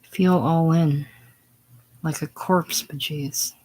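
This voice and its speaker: A man's voice: on the high side, takes it slowly, a little hiss or hum. A man voicing an aging saloon keeper, worn down and spiritless, in a stage play reading. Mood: dull. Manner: pleading, then flat and dull. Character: older male saloon owner, broken and spent.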